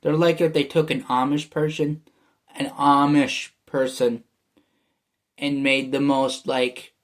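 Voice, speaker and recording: Young guy with a Michigan accent, unhurried delivery, meandering casual vlog chat. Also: mid-range voice, flat delivery. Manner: meandering, full of fillers and restarts. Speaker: YouTuber. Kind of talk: casual rambling vlog talk.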